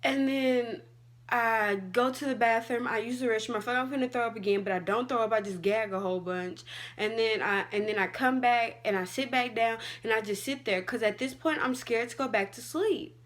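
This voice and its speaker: A woman's voice: fairly high pitch, fairly quick. A young adult woman vlogging, telling a personal story in a casual, chatty way with lots of "like". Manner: chatty, fillers like "like" and "all like".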